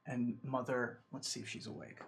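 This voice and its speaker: A man narrating a tabletop game as dungeon master, halting and thoughtful, with many fillers. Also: mid-range voice, flat delivery.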